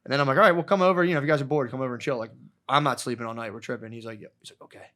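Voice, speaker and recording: A man's voice: medium pitch, fairly even intonation, racing, fairly bright tone. Profane rambling male podcast host. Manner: rambling, profane, laughing through stories. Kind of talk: casual storytelling chat.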